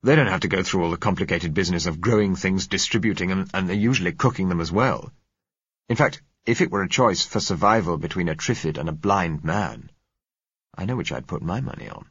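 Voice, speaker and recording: An earnest, lecturing man presses his theory point by point, read by a man in his own low voice. The voice is husky and dry, with no room sound around it. The recording is dull and lo-fi. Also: fairly quick, no room sound. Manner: argumentative, lecturing. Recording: muffled lo-fi recording.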